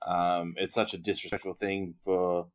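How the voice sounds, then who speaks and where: A man's voice: sits low, flat delivery, normal speed. A man with an Australian accent co-hosting a podcast, chatting casually and agreeably, with plenty of "yeah" and "um". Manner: agreeable, lots of yeahs and ums. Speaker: podcast co-host. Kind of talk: casual wrestling recap chat.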